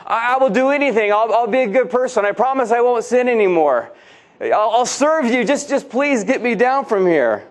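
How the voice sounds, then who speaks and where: A man's voice: sits high, lively intonation, slow, voice pushed up, full character voice. A man voicing a panicked man hanging from a cliff branch, pleading and stammering. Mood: frantic pleading.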